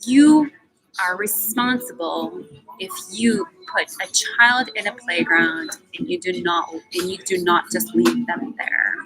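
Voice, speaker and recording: A woman hosting a live session, talking off the cuff in an emphatic, profane venting style with sudden jumps in pitch. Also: slow, rough recording. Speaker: livestream host. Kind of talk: unscripted emotional monologue. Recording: music playing behind the voice.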